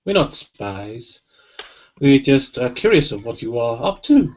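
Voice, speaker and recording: A man's voice: medium pitch, sing-song, measured pace, darkish tone. A man playing a tabletop game, speaking hesitantly with many fillers and formal phrasing in character. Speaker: player. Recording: dull lo-fi home recording.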